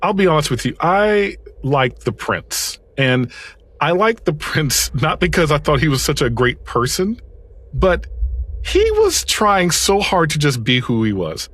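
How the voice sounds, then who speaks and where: A man's voice: on the high side, very animated, a little slow, fairly bright tone, breathy edge. A man in a casual podcast chat about a movie, musing reflectively and hesitating with fillers. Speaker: podcast co-host.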